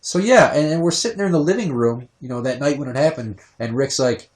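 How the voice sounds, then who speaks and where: A man hosting a casual podcast, telling stories in a profane, animated way with quick rants. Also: mid-range voice. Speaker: podcast host.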